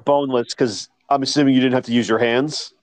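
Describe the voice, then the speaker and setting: A man with a medium-pitched voice joins in casual podcast chat. He laughs easily and asks follow-up questions. The sound is dry. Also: steady tone, fast, no echo. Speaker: podcast co-host.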